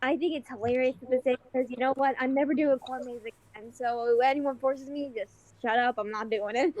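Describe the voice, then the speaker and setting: A woman telling stories in a casual podcast chat, giggly and animated. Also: high voice, normal speed, dry recording, poor audio. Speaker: podcast co-host.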